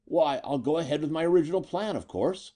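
A man's voice: on the high side, lively intonation, brisk, mellow, pitched above the performer's own voice. A man voicing an older male scientist who speaks matter-of-factly.

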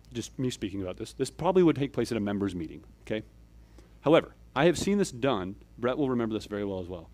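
A man preaching in an easy, conversational way, his voice sitting in the middle of the male range. He lays the teaching out step by step and keeps tagging lines with "okay?" and "right?". He swings from louder, emphatic pushes to soft, dropped asides. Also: medium pitch. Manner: checks in with frequent "okay?" and "right?". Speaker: church elder preaching. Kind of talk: conversational sermon.

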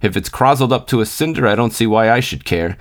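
A man's voice: mid-range voice, fast talker, natural voice. A man reading as a bitter, weary miner's wife. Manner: bitter, sharp, scolding.

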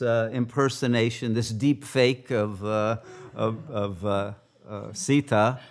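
Slow, rambling man telling an old myth. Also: mid-range voice, fairly even intonation. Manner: rambling, many fillers and restarts. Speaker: spiritual teacher. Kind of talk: casual storytelling lecture.

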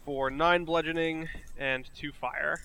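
Man, tabletop player, very bright sharp voice, hesitant, faint noise. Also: fairly high pitch, fairly even intonation, slow, creaky. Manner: hesitant, full of ums. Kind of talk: casual tabletop play.

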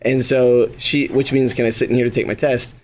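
A young man in casual podcast chat, telling a story with lively energy and playing the other people in it. His pitch sits in the ordinary middle range for a man. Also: a little fast. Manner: animated storyteller, acts out quoted voices. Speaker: podcast co-host.

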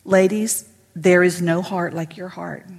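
A middle-aged woman pastor, preaching emphatically to women and swinging from loud to whispered. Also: on the low side, fairly even intonation, measured pace, gravelly, slightly rough, in a large hall. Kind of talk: sermon to women. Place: church sanctuary.

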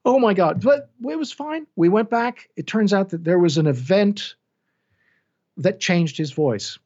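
A middle-aged man, an audiobook narrator, chatting in an interview in an animated, self-deprecating way, often restarting his sentences. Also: high-pitched, measured pace. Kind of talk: casual interview chat. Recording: dull lo-fi sound.

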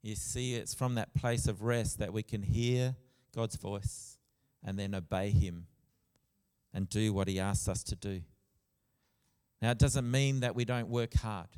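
A man preaching a sermon in a church, earnest, with soft passages and loud emphatic bursts. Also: on the low side, unhurried, clear, resonant tone. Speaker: pastor. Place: church hall. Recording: long church reverb.

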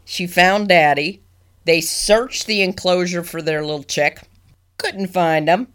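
Woman podcast co-host, lower voice, unhurried, laughs while telling stories. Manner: laughing, animated storyteller who acts out voices. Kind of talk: casual chat.

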